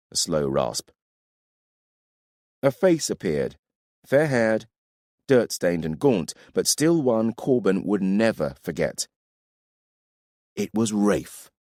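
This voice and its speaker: Deep-voiced male audiobook narrator. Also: no room sound, studio quality. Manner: expressive storytelling. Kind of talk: scripted narration.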